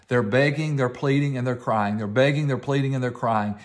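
A male pastor preaching a sermon, emphatic, with repeated phrases and words slowed for stress. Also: medium pitch.

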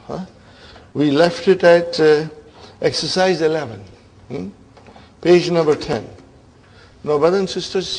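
A man lectures on grammar in a slightly high voice. He talks emphatically and often stops to ask whether his listeners are following. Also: creaky, a little mellow. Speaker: Arabic grammar teacher. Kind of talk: classroom lecture.

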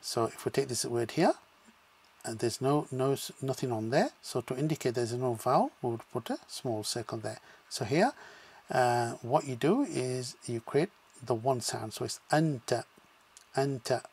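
A man's voice: mid-range voice, expressive, normal speed, vocal fry, darkish tone, husky. A man teaching a beginners' language lesson, patiently sounding out syllables one at a time and then blending them into words, with frequent "okay" check-ins. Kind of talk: slow spoken lesson with drills.

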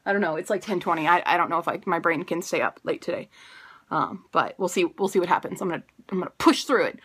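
A woman's voice: on the low side, fast, fairly bright tone, husky. A woman in her twenties talking casually in a video diary, bubbly, rambling and self-mocking. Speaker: vlogger.

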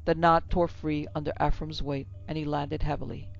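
Gravelly, steady horror-story narrator. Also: female voice, sits low. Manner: steady, measured, dramatic. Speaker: narrator and producer. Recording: slightly dull lo-fi with music.

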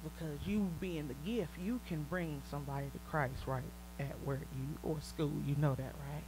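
A woman with a Southern US accent preaching a conversational sermon, laughing often and rising to excited peaks. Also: low-pitched, moderate pace, music in the background, low-quality recording. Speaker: prophetess preaching.

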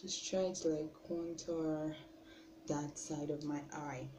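A young woman with a Nigerian accent chatting through a makeup tutorial at home, self-conscious and often trailing off softly. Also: low voice, fairly even intonation, takes it slowly. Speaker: beauty vlogger. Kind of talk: casual makeup tutorial chat. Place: room at home. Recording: roomy with faint background noise.

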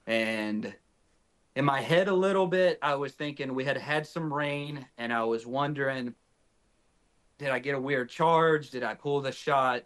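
Young man from north Texas, podcast guest; animated storyteller who acts out the voices of others, mid-pitched. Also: unhurried. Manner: animated, acts out quoted dialogue. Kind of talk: casual storytelling.

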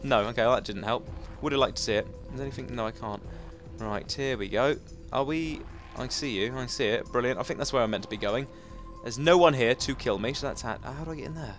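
A man giving chatty, excitable let's play commentary, talking to himself as he plays. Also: mid-range voice, fast, soft background music. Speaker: gaming commentator.

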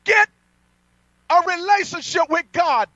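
A man preaching a fiery sermon, boastful and defiant, his voice climbing to loud peaks. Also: very high voice, slow pace, dry recording. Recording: dull lo-fi sound, dry.

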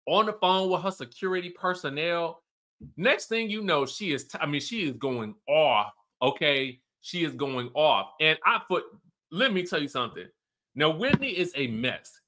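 A man's voice: on the high side, lively intonation, normal speed, bright, forceful tone. A man hosting casual reality TV recap commentary, chatty and emphatic. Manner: chatty, emphatic, keeps asking "okay?".

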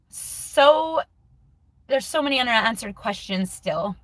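A woman's voice: medium pitch, normal speed, a bit bright, no echo. A woman in her forties talking candidly in a personal video diary, thinking aloud, sometimes restarting her sentences. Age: 40s. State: close to tears. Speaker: vlogger.

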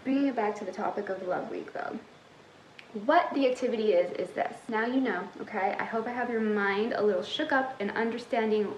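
A woman's voice: medium pitch, brisk, reverberant, slight background noise, rough recording. A young woman who coaches manifestation, giving a sassy, tough-love motivational talk straight to her viewers.

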